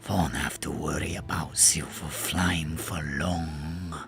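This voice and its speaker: A game master voicing a terse, proud male tribal warrior in a tabletop role-play, with a growling, whispered rasp and a South African accent. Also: a bass voice, little pitch movement, slow, a bit bright, faint music behind, pitched below the performer's own voice, exaggerated voice. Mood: gruff, dismissive.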